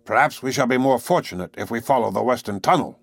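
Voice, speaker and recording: A stubborn, commanding old professor, read by a man in an audiobook, pressing his case with firm, resolute declarations. The voice sits at a middling pitch, and the recording is close and dry with no room sound. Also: animated, quick pace, gravelly, no echo. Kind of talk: audiobook character reading.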